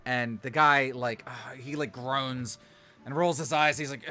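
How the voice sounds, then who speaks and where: Man as game master narrating a tabletop game, bright and rambling. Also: medium pitch, measured pace, faint music behind. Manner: rambling, animated narration with fillers.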